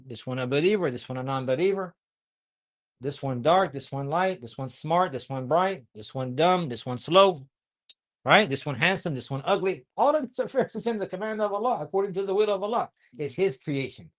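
A man giving a sermon to young listeners. He keeps asking the audience questions, recites Arabic verses and then translates them. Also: fairly high pitch. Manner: asks the audience many questions. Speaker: Islamic preacher.

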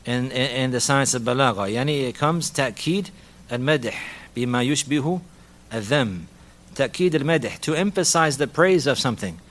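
With a fairly bright, mid-range voice, an Islamic teacher works through a hadith and the rhetoric of Arabic. His delivery leans on repeating key phrases and mixing in Arabic vocabulary, broken by light laughter.

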